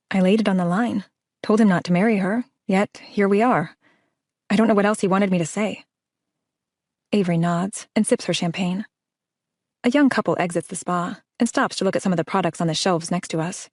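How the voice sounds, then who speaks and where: A woman's voice: medium pitch, a little fast, a little mellow, no echo, clean studio sound. A woman reading a first-person audiobook, with a wry, conversational delivery. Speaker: audiobook narrator.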